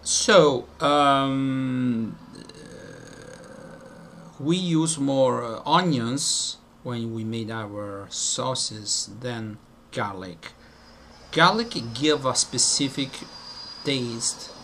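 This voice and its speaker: A man's voice: mid-range voice, very slow, fairly bright tone, a little hiss or hum. A man from Italy with an Italian accent touched by British and American tones, explaining casually with many fillers and self-corrections. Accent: Italian, mixed with British and some American. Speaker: video host.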